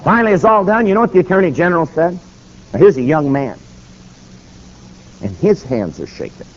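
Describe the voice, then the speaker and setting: A man preaching a sermon with emphatic, animated storytelling. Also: on the high side, brisk. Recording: dull lo-fi with faint noise.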